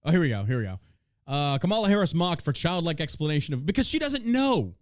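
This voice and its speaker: A man from the United States hosting a podcast, ranting in a crude, mocking, animated way about politics. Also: fairly high pitch, fast talker, no room sound, studio quality. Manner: animated, crude, mocking, puts on silly voices for others. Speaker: podcast host. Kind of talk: profane political podcast rant.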